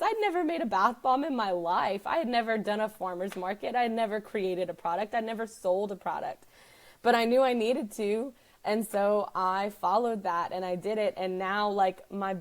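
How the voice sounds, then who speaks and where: Woman chatting on her live stream, earnest and rambly, says like a lot. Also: medium pitch. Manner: chatty, earnest, heavy use of "like". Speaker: wellness business owner hosting a live stream. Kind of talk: casual live-stream talk.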